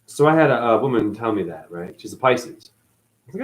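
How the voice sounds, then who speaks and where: A man rambling through a profane spiritual monologue, dropping to mutters and then jumping up in excited bursts. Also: medium pitch, moderate pace, rough recording. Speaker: spiritual video host.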